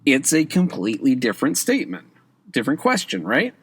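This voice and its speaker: This podcast host is a man whose medium-pitched voice swings hugely in pitch, running a little fast with a slightly bright, slightly rough sound and no echo. He offers laid-back exam-prep tips, keeps asking listeners "okay?", and punches key words with sharp upward emphasis.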